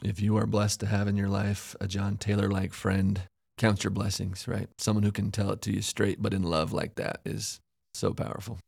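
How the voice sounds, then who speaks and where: A man with a low, gravelly voice, recorded close and dry, co-hosting a casual history podcast. He recounts events reflectively, with hedges and asides, and sometimes stops to draw out a lesson. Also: level tone, normal speed, a little mellow, no room sound. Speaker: podcast co-host. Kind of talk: casual conversational history discussion.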